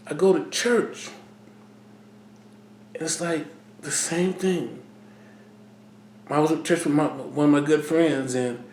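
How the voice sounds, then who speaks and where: A man talking slowly and haltingly about his feelings, often repeating words and trailing off. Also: a little high, a little mellow, reverberant, a little hiss or hum. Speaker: vlogger. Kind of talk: personal talk to camera.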